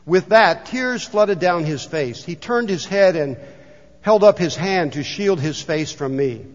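Man preaching a sermon, pastor, fairly high voice, storytelling, long church reverb, muffled lo-fi sound. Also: animated. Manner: storytelling, reads book passages aloud slowly. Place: church sanctuary.

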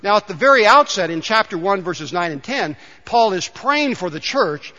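A man's voice: high-pitched, lively intonation, normal speed, bright, forceful tone. A man preaching a sermon to his congregation, building to emphatic calls and telling a joke along the way. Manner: rises to emphatic calls to the congregation, tells jokes. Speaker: pastor. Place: church sanctuary. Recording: dull sound with long hall reverb.

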